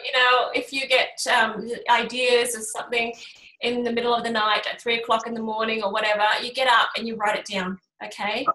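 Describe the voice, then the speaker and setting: A woman's voice: a little high, fairly quick. A middle-aged woman, an energy healer, chatting to a small group and acting out quoted voices as she tells stories. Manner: animated storytelling, acts out quoted voices. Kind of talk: casual workshop chat. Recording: roomy echo.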